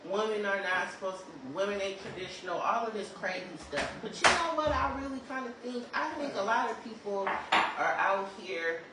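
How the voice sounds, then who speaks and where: A podcast co-host with a mid-range voice, thoughtful and measured, pausing often to think. The voice comes from far off the mic in a very echoey, noisy room. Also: medium pitch, lively intonation. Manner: thoughtful, measured, hesitant fillers. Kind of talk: casual chat.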